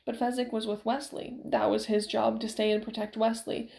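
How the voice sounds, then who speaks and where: Gravelly-voiced woman reading a novel. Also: on the high side, little pitch movement, moderate pace, a little mellow. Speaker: audiobook narrator.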